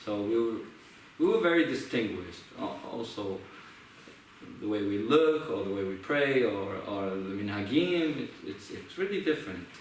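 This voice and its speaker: A young man with an Israeli accent, a musician talking in a reflective, halting way with many restarts. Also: lowish voice, expressive. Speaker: musician sharing his story. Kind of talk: casual conversation. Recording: echoey room, from far off, faint noise.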